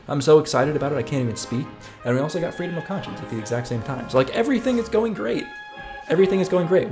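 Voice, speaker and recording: A man talking through his strategy game playthrough in a casual, chatty way, cracking jokes as he goes. His mid-pitched voice has a gravelly fry to it. Faint game music plays underneath. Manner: chatty, upbeat, jokey. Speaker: gaming channel host. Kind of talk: casual gameplay commentary.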